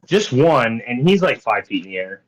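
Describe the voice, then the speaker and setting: A man's voice: mid-range voice, sing-song, normal speed, rough recording. A man running a tabletop game as dungeon master, easygoing and full of fillers.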